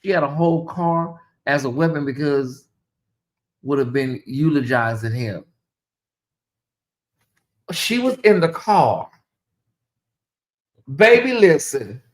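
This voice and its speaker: A man hosting a casual live-stream commentary, chatty and animated, often calling out to viewers. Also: a little high, measured pace, long pauses. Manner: animated, chatty, laughs and addresses viewers as y'all. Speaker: commentary channel host.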